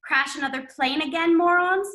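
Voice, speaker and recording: A woman reading the lines of a brusque, foul-mouthed male IT guy in her own bright voice. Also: sits high, animated, moderate pace. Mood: taunting. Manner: profane, brusque retorts. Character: gruff sarcastic male IT guy.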